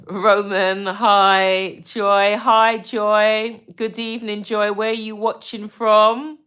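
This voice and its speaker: A woman from the UK hosting a casual live stream, greeting viewers with lots of ums and gushing when she gets excited. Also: medium pitch. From United Kingdom. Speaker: livestream host.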